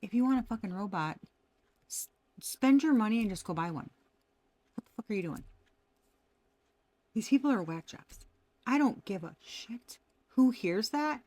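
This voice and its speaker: A woman's voice: a little high, animated, normal speed, pauses often, mellow, no room sound. A woman giving a casual tarot reading, talking animatedly, laughing often and swearing freely. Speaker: tarot reader.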